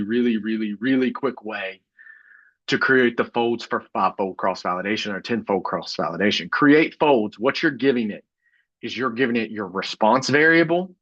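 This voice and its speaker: A man teaching a screen-recorded coding lesson, talking through each step in a relaxed way with frequent fillers. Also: medium pitch, slightly rough, dry recording, lo-fi sound. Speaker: statistics instructor.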